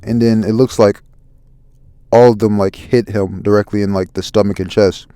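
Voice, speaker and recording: A man casually recapping a manga chapter, relaxed with many fillers. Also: fairly low pitch, moderate pace, clear, resonant tone, no room sound. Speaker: manga reviewer.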